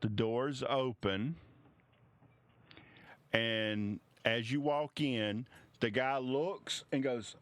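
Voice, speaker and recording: Slow-talking game master, clear voice. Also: male voice, medium pitch, no room sound. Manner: relaxed, full of fillers. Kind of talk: narrating a tabletop game.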